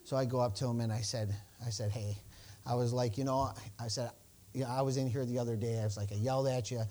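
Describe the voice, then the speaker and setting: A man's voice: mid-range voice, fairly even intonation, fast talker, warm tone. A male pastor preaching a sermon, telling a personal story and acting out the exchanges, with stammered restarts and bursts of praise. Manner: exclamations of praise.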